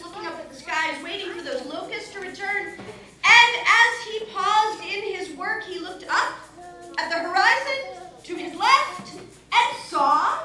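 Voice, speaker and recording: Woman telling a story in a big echoey synagogue, high bright voice, jokes with the crowd. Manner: playful, chatty, jokes with audience volunteers. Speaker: storyteller at a Shabbat service. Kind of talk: interactive storytelling to a congregation. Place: large synagogue sanctuary. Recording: echoey hall from far off.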